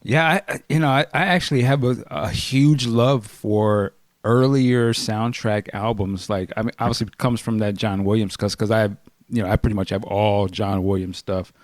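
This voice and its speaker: A man hosting a casual podcast chat, laughing easily and trailing off quietly. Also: lowish voice, steady tone, normal speed, few pauses, no room sound, clean studio sound.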